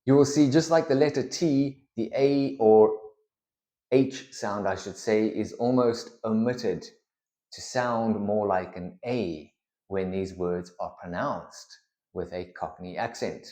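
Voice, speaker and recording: Guy teaching pronunciation real slow, lowish mellow voice, echoey room. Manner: deliberate, patient, clearly enunciated. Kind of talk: slow instructional explanation.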